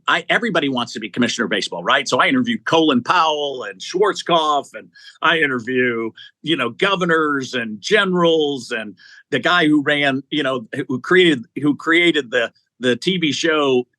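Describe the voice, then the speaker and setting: A man in his sixties spins stories as an interview guest, piling up restarts as his enthusiasm runs ahead of him. His voice is bright and forceful, and the close mic keeps the sound dry. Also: mid-range voice, lively intonation, normal speed, no echo. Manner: enthusiastic, tumbling sentences with many restarts. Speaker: interview guest, executive recruiter. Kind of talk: conversational storytelling.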